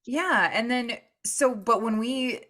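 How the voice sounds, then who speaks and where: Lively, bright-voiced woman host. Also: fairly high pitch, slow pace. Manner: animated storyteller, jumps into quoted voices. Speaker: podcast host. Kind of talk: casual storytelling chat.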